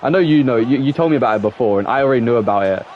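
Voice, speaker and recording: A man's voice: medium pitch, rapid-fire. Chatty young English guy streaming. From England. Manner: rambling, chatty, talks to viewers. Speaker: gaming streamer. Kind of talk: casual chat while playing a football game. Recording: slightly dull lo-fi mic with faint noise.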